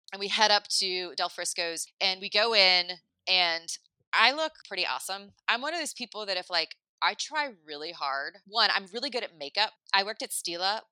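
A woman in her thirties telling a long story in casual chat, full of "like" and animated asides. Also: medium pitch, clear, resonant tone, dry recording. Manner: chatty, lots of "like", animated asides. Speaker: podcast host telling a story.

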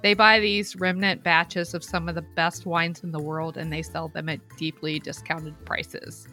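A woman's voice: sits low, little pitch movement, unhurried, pushed and bright, soft background music. A woman co-hosting a podcast, reacting briefly and then reading an upbeat ad in a chatty way. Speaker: podcast co-host. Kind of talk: casual chat and read ad.

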